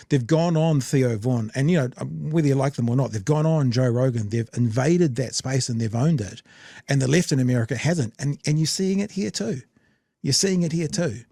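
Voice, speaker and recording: Rambling New podcast host. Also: male voice, medium pitch, darkish tone, no room sound, clean studio sound. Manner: conversational, rambling with restarts. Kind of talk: casual commentary.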